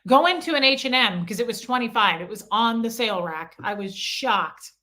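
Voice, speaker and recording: A woman's voice: on the high side, lively intonation, normal speed, sharp tone. A middle-aged woman hosting a casual livestream, chatting and answering viewer comments by name. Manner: coos baby talk at her small dog.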